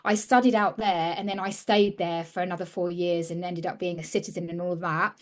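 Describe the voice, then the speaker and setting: A woman's voice: lowish voice, fairly even intonation, brisk. A woman, a mentor being interviewed, telling her story in an earnest, reflective way and often restarting mid-sentence. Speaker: women's mentor, interview guest.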